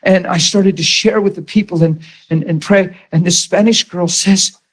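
A man's voice: sits high, fairly even intonation, moderate pace. A male preacher giving an emotional sermon testimony, acting out the people he quotes. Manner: emotional storytelling, acts out quotes.

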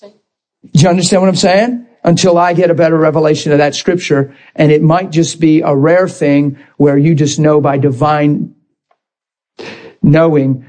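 A man's voice: a little high, fairly even intonation, moderate pace, darkish tone. A man preaching a sermon, impassioned and rising to emphatic bursts.

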